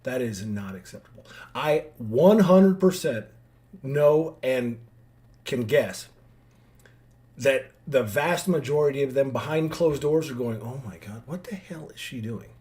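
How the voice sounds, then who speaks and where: A man's voice: medium pitch, slow pace, a little mellow. A man talking to his daughters in an emotional vlog monologue, heartfelt and rambling, with frequent restarts. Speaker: father addressing his daughters.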